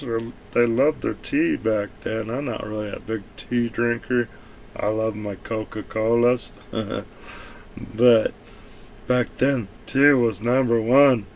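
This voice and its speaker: A man's voice: mid-range voice, slow pace, a little mellow, a little hiss or hum. A man from the United States talking bluntly and offhandedly in a rambling, profane vlog monologue. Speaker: vlogger.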